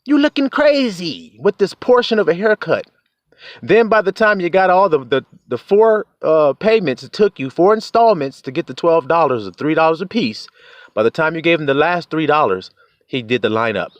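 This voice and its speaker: A young man talks in a lively, swooping voice that sits a little high. He preaches life advice between frequent laughs and swear words. The recording is dry and slightly dull. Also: moderate pace, no echo. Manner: laughs often, swears, acts out quotes in a higher voice. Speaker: vlogger giving life advice. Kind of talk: casual preachy monologue.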